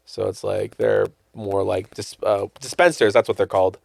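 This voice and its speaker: A man's voice: lowish voice, fairly even intonation, moderate pace, gravelly, darkish tone, no room sound. A young man co-hosting a casual podcast chat at a desk mic, rambling with lots of "like" fillers. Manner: rambling, full of "like" fillers, quotes lines in silly voices. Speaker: podcast co-host. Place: basement studio room.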